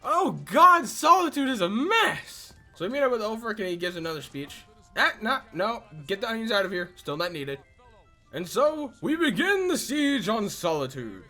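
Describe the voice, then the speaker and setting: Young male narrator, very animated, sarcastic and exasperated comic recap. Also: sits high, moderate pace, soft background music. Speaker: video creator. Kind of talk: comedic game recap narration.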